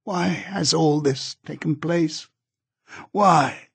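A man voicing a dying woman full of bitter, delirious hatred, speaking slowly with pauses between words. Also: a little high, vocal fry, fairly bright tone, slightly rough, pitched above the performer's own voice, full character voice. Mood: frantic.

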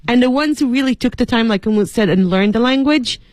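A woman's voice: on the high side, a little fast, darkish tone, no room sound. A woman co-hosting a radio talk show in a studio, speaking fluently and emphatically. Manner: fluent, emphatic, talks in lists. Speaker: radio co-host.

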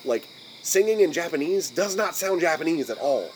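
A man's voice: on the high side, expressive, moderate pace, slight background noise, rough recording. Rambling American podcast host, man. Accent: General American. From United States. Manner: rambling, many restarts and "like" fillers. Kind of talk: casual chat.

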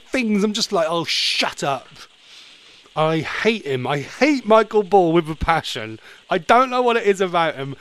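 A man hosts a laid-back radio show, rambling and joking as he goes. His pitch jumps about with animated swings and sits a little high for a man. He slips easily into playful, theatrical asides. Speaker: radio host. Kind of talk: casual radio chat.

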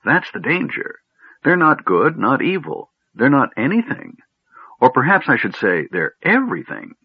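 A man's voice: medium pitch, wildly swooping pitch, normal speed, breathy edge, dry recording, pitched above the performer's own voice, exaggerated voice. A man voicing an absent-minded old male wizard who talks in a distracted, muttering way, recorded on a narrow phone-like line. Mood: vague.

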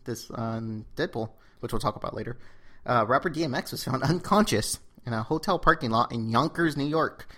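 Male podcast co-host, mid-pitched, dry sarcastic delivery, loose casual chat. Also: fairly quick, bright, forceful tone. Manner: dry, sarcastic, rambling with restarts. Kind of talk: casual entertainment news chat.

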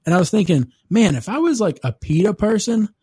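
A man's voice: high voice, very animated, fairly quick, darkish tone, breathy edge, no echo. A man chatting casually as a podcast co-host, rambling and laid-back, cursing and laughing at his own ideas. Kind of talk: casual chat.

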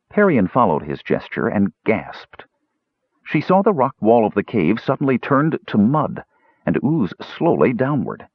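A man reading a fantasy audiobook with expressive storytelling, in a slightly dull recording. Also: lowish voice, slightly rough, no echo. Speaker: audiobook narrator. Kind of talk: scripted audiobook narration.

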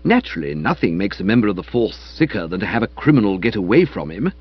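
A man narrating a comic novel aloud in a wry, lively storytelling manner. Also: fairly low pitch, fast talker, husky, lo-fi sound. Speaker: audiobook narrator.

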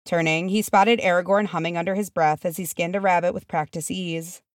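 A woman reading a fan fiction chapter aloud as narrator, measured and steady. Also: on the low side, no echo, clean studio sound. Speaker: audiobook reader.

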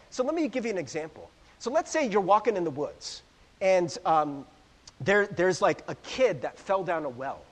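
Guy giving a sermon, high voice that jumps around a lot, kinda husky, big hall echo. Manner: animated, jokey, asks the crowd questions. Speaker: preacher. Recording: echoey hall.

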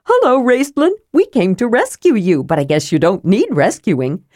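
A woman voicing a small, excitable male adventurer whose words tumble out in a bubbly rush. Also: mid-range voice, moderate pace, no echo, studio quality. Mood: excited.

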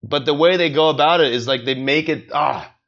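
A man's voice: on the high side, brisk, lo-fi sound. A young man hosting a solo comedy podcast, rambling sarcastically and swearing often. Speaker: podcast host.

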